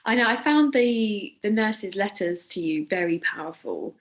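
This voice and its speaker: A woman's voice: medium pitch, expressive, unhurried. A woman interviewing a guest, speaking in an earnest, reflective way. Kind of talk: interview conversation.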